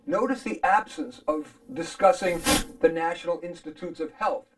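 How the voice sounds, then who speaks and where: A man's voice: high-pitched, rough recording. A man arguing his side in a formal debate, emphatic and pointed in his rebuttal.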